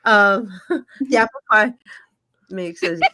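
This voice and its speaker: Bright, lively woman telling stories. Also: on the high side. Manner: animated, acts out dialogue with quick asides. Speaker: psychic medium guest. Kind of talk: storytelling in a casual interview.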